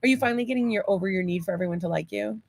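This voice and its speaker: A woman's voice: medium pitch, rapid-fire, creaky, darkish tone, no room sound. A middle-aged woman from the United States co-hosting a casual podcast chat, blunt, swearing freely and laughing often. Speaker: podcast co-host.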